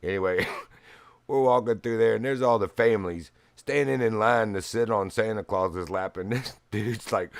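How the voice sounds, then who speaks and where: A man's voice: fairly low pitch, normal speed, gravelly, dry recording, clean studio sound. A man from Virginia streaming a fishing game, telling rambling stories with frequent chuckles. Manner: rambling storyteller, chuckles often. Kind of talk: casual gaming stream chat.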